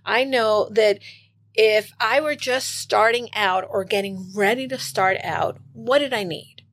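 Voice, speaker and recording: A woman's voice: mid-range voice, unhurried, a bit bright. A woman business coach hosting a casual conversation, talking in an encouraging, reflective way.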